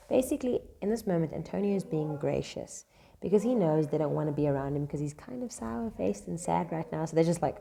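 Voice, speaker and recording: A woman teaching a Shakespeare scene at home. She reads each line slowly, then explains it in casual slang. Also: deep voice, expressive, creaky, mellow. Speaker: English teacher.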